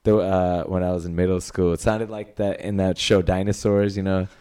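A man from New York co-hosting a podcast, telling stories in a dry, deadpan way. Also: low voice, moderate pace, clean tone. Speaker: podcast co-host. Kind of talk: casual chat.

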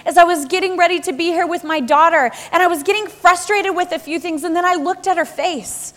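A woman in her thirties preaches with a very high, bright-toned voice, talking to the congregation like friends and piling up rhetorical questions. Her sermon rings out with a long reverb in a large church hall. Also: brisk. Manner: lively, conversational, with rhetorical questions and repetition.

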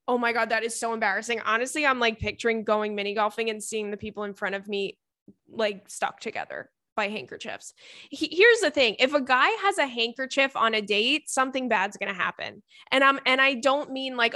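A young woman hosting a casual podcast, telling dating stories and reading a listener's letter in an animated, giggly way. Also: a little high, brisk, dry recording, clean studio sound. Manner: animated, giggly storytelling with frequent fillers. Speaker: podcast host.

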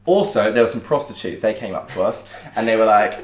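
A young man from England telling lively stories in a casual chat, acting out other people's voices. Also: on the low side, brisk. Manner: animated storytelling, acts out voices, laughs often. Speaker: podcast co-host. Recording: echoey room.

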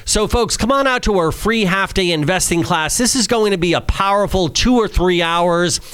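A man hosting a radio show about trading, pitching a free class with an urgent salesy manner. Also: moderate pace, fairly bright tone, smooth. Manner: salesy, urgent pitch reading out a phone number. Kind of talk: promotional radio talk.

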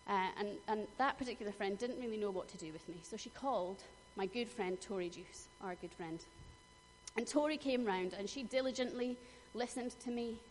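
A woman's voice: mid-range voice, normal speed. Earnest woman preaching in an echoing hall. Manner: earnest, personal storytelling with emphatic bursts. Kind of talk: sermon. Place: church hall. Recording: long hall reverb, faint noise.

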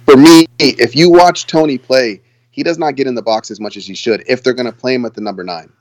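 A man co-hosting a casual football podcast, talking in an excitable, rambling way and laughing often. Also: mid-range voice, fairly quick, no echo. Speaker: podcast co-host. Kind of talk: casual sports chat.

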